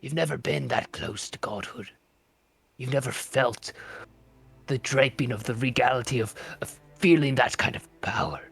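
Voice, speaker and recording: A man's voice: medium pitch, moderate pace, creaky, a bit bright, slightly rough, faint music behind, heavily acted. A man voicing a shaken male ship captain who sobs and pleads about having touched godhood. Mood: sobbing, pleading. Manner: sobbing, pleading.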